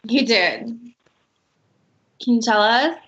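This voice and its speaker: A woman playing a tabletop game talks quickly in a chatty, slightly defensive way. Her voice sits a bit high, and the audio is slightly muffled and lo-fi. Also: animated, a bit bright. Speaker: player.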